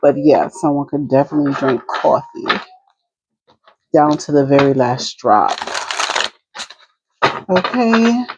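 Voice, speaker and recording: A woman's voice: low-pitched, lively intonation, unhurried, long pauses, highs cut off. A woman with a New Jersey accent giving an intuitive tarot reading, musing aloud and speaking to spirit as she pulls cards. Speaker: tarot reader. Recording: clear background noise.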